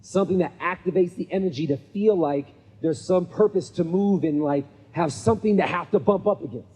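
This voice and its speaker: A man's voice: sits high, brisk, dark tone, breathy edge. A man giving a storytelling talk to a live audience at a gathering. He keeps checking in with "right?" and acts out the people in his stories. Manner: conversational, checks in with 'right?' often. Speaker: speaker at a men's gathering. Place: event venue with a live audience. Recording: long reverb of a hall.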